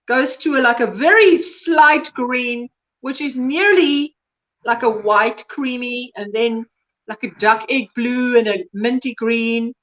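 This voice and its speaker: A woman's voice: a little high, takes it slowly, fairly bright tone, lo-fi sound. A woman hosting a casual crochet livestream, talking in a gushing, enthusiastic, chatty way.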